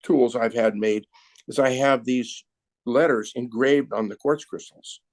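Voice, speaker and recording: A man in conversation, a sound healer explaining symbols slowly and patiently while demonstrating with his hands. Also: mid-range voice, steady tone, no room sound. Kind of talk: conversational interview.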